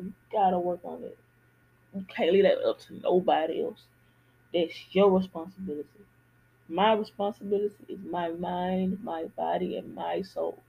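A woman's voice: fairly low pitch, husky, lo-fi sound. A woman hosting a podcast, talking candidly in a casual personal monologue and repeating phrases for emphasis. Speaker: podcast host.

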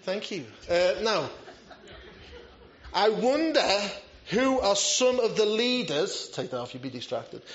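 A man delivers a sermon in a high, light voice, chatty and quick to poke fun at himself. His voice rings through a roomy church hall, and the recording sounds slightly dull. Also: very animated, a bit bright. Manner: conversational, self-deprecating humor. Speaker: preacher.

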